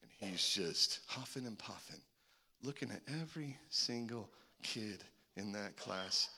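A man in his forties preaching a sermon, an animated storyteller who acts out the voices in his stories. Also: lowish voice, measured pace, gravelly, slightly rough. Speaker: pastor.

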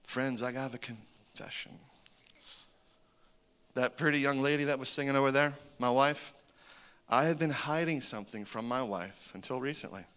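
A man in his forties preaching a sermon as a humorous, animated story, often chuckling between lines. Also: medium pitch, normal speed, long pauses, smooth. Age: 40s. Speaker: pastor.

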